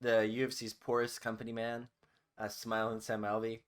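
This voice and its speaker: A man's voice: lowish voice, completely flat delivery, moderate pace, clean tone. A young man co-hosting a podcast, talking casually with dry, sarcastic, half-mumbled asides. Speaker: podcast co-host. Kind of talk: casual chat.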